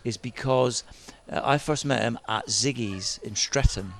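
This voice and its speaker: A man, a DJ guest, telling lively stories in a chat and mimicking other people's voices as he goes. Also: medium pitch, unhurried. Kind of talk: animated storytelling chat.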